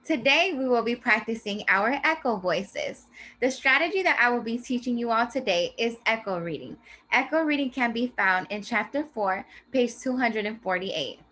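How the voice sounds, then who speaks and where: A woman teacher presents a reading lesson, spelling each step out clearly and patiently. Her voice is bright and pitched a little high. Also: animated. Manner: slow, clear teacherly explanation. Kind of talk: scripted classroom presentation.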